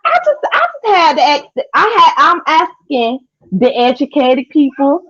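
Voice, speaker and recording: A young woman, chatting casually with viewers on a livestream in a sassy, trash-talking way with loud cackling laughs. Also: high voice, very animated, unhurried, dry recording. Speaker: livestream host. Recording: dull lo-fi stream audio.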